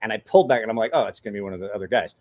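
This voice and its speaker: A man's voice: lowish voice, very fast, a little mellow. A man in his forties, a podcast host telling a rowdy story in casual chat, swearing, laughing and acting out the voices of the people he quotes.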